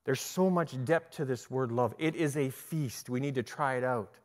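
A middle-aged man preaching a sermon, telling stories in an animated way and often restarting his sentences. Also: medium pitch, moderate pace. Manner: animated storytelling with repeated restarts. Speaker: pastor. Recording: long hall reverb.

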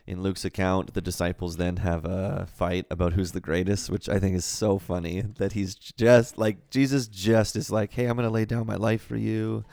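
Low gravelly man in casual discussion. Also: normal speed, hardly any pauses, no room sound, studio quality. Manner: relaxed, thinking aloud with frequent fillers. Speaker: podcast co-host.

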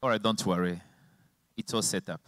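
A man's voice: fairly low pitch, steady tone, normal speed, fairly bright tone, no echo. A male preacher telling a personal testimony in a sermon, emotional, his voice rising and falling sharply. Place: church with slides and a helper at the computer.

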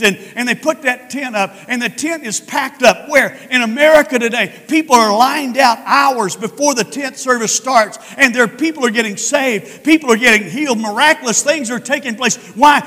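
High-voiced preacher in a reverberant hall. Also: male voice. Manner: swings from shouted proclaiming to low quiet tones. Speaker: pastor. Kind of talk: sermon. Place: church sanctuary.

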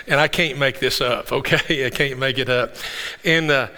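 A man's voice: medium pitch, normal speed, pushed and bright. A male pastor preaching a sermon in a church, telling stories in a conversational way and repeating words as he gets going. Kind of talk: sermon with storytelling. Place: church sanctuary. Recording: long reverb of a church hall.

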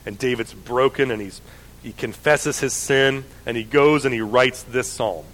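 A man preaching a sermon, telling the story in a lively, conversational way with frequent restarts. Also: mid-range voice, measured pace, long reverb tail.

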